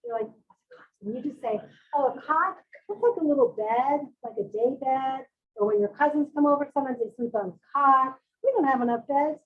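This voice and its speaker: A woman's voice: sits high, fairly quick, narrow, tinny audio, slight background noise. A woman presenting a parent workshop on early reading, leading the audience through call-and-response sound drills.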